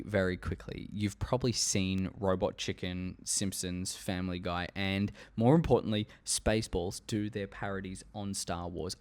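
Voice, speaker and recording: Young male commentator, lowish voice, rambling and profane. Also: darkish tone. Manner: rambling, restarts, frequent swearing. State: tired, yawning. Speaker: YouTube commentator. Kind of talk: casual unscripted talk to camera.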